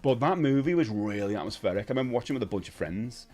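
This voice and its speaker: A UK man hosts a casual livestream, talking fast in a medium-pitched, darkish voice with lively intonation over faint music. He chats loosely, reads viewer comments aloud, and laughs often, with many fillers and restarts.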